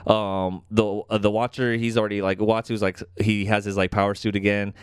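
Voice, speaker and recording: Brief: young male podcast co-host, hyped and sweary, smooth resonant voice, dead-dry room. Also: on the low side, fairly quick, dry recording. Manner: excited, profane episode recap. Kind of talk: casual chat.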